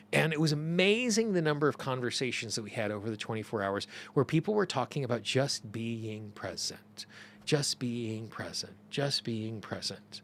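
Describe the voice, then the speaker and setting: A middle-aged man talks the listener through his lessons in an earnest, emphatic way. His voice sits at an ordinary middle pitch, and he repeats key phrases to drive them home. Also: fairly bright tone, a little hiss or hum. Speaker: host. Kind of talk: teaching monologue.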